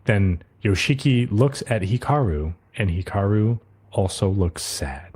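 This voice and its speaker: A man co-hosting a podcast, casually recapping an anime episode and retelling scenes with quick quoted asides. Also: fairly low pitch, darkish tone, breathy edge. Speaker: podcast co-host.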